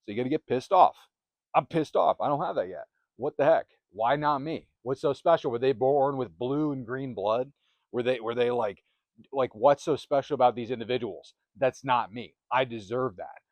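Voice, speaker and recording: A man's voice: mid-range voice, normal speed, no echo, dull audio. A man hosting a self-help channel, giving a motivational talk to camera in emphatic, repetitive, punchy phrases on a close microphone.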